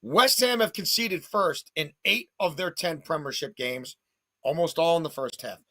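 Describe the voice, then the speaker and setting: Male betting-show host with a bright, swinging voice; jokey, punchy, animated. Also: sits high. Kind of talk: sports betting picks.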